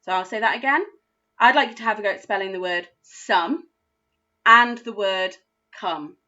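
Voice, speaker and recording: A woman with an English accent teaching a phonics lesson to young children, spelling words out slowly and praising their efforts. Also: mid-range voice, sharp tone, lo-fi sound. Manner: slow, clearly spelled-out words with encouraging praise. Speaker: primary school teacher.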